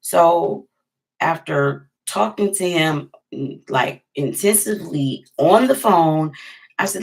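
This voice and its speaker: Gravelly low-voiced woman telling a story. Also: takes it slowly, darkish tone. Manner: emphatic, repeats phrases for effect. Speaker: vlogger. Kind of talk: casual storytime monologue.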